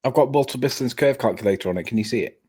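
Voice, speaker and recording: A caller on a live stream debates casually over video, pressing his argument hard while tripping over his words. He talks very fast in a medium-pitched, darkish voice with a breathy edge.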